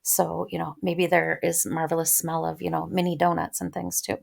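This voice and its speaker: Chatty, gravelly woman teaching literature. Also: deep voice, flat delivery, moderate pace, darkish tone. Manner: chatty, thinking aloud with many ums. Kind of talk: casual close-reading lecture.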